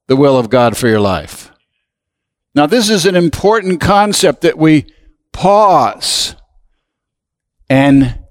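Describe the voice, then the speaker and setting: Male pastor, slightly high voice, very slow deliberate sermon delivery, long hall reverb. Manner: slow, emphatic preaching with call-and-response.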